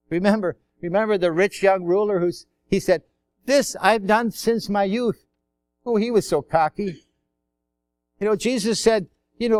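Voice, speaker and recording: A man with a high, smooth voice preaches a sermon. He keeps it conversational, asking rhetorical questions and acting out the quotes he tells. The sound is dry and close. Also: unhurried, a little mellow, no room sound.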